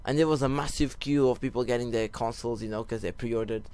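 A young gaming YouTuber tells a meandering story while casually commentating over a football video game, breaking off for excited goal calls. His medium-pitched voice is fast, clear and resonant.

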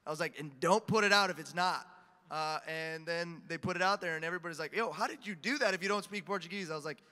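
A man on a convention panel, telling animated stories and laughing often as he answers questions. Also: fairly high pitch, fast talker. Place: large convention hall. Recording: echoey hall reverb.

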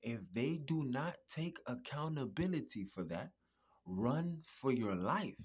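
A man talking in a casual podcast monologue, emphatic, repetitive and profane, with a husky voice. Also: medium pitch, animated, takes it slowly, darkish tone. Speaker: podcast host.

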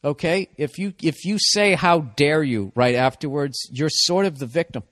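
Profane sardonic middle-aged man ranting. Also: normal speed. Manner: profane, sardonic, swings between low mutters and loud outbursts. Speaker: podcast host. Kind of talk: comedic monologue rant.

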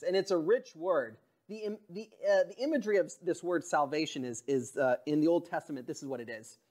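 A man preaching a sermon in a church, talking in an earnest, conversational way that often drops to a soft, quiet voice. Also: on the high side. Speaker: pastor.

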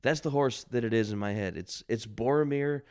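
A man co-hosting a podcast, chatting in a relaxed, rambling way and swearing freely. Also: medium pitch, moderate pace, clear, resonant tone. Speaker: podcast co-host. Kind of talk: casual podcast chat.

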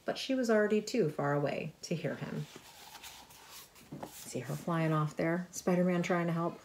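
A middle-aged woman with a fairly low voice reads her picture book aloud to children. She is lively and chatty, breaking off to point out the pictures. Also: moderate pace, slight background noise. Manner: lively reading, chatty asides about the pictures. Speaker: author reading her book. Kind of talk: storybook read-aloud.

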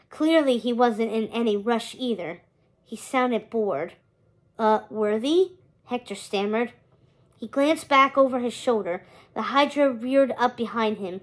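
A woman teacher reading a chapter book aloud, in steady storytelling narration with small stumbles and restarts. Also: fairly high pitch.

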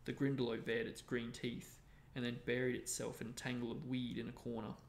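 A man hosting a show, reading a novel aloud in a steady storytelling manner. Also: mid-range voice, a little fast, slight background noise. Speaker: reader and show host. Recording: roomy echo.

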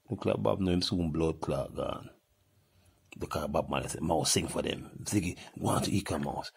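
An older man with a Jamaican accent in a heated, profane, animated rant that jumps between topics. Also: on the low side, gravelly, slightly rough.

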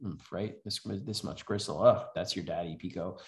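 A man's voice: low-pitched, normal speed, few pauses. A man teaching a comics writing class in a casual, rambling way, with many fillers, reading comic dialogue aloud. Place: house event room. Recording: roomy echo.

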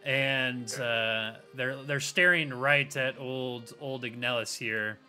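A man's voice: mid-range voice, slow pace, pushed and bright, soft background music. A man narrating as game master for a tabletop game, rambling loosely with hedges.

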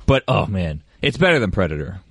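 A man's voice: low voice, big pitch swings, a little fast, vocal fry, husky, no echo, studio quality. A young man in casual radio banter, eager, playful and rambling.

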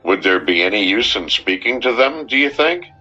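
A man voicing an anxious, indecisive small-town sheriff who pleads and frets, with his voice pitched well above his narration. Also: animated, moderate pace, sharp tone, muffled recording, soft background music, exaggerated voice. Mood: pleading. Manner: pleading, fretful.

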